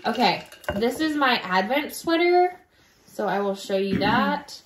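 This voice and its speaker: A woman co-hosting a podcast, calmly explaining her knitting step by step. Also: a little high, measured pace, roomy sound, a little hiss or hum. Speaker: podcast co-host. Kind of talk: casual chat about knitting.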